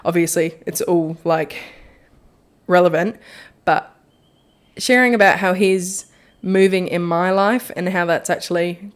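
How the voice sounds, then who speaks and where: A young woman hosts a solo faith podcast, reflecting casually in a rambling, chatty way and laughing at herself. Her voice is on the low side, with fairly even intonation and a measured pace.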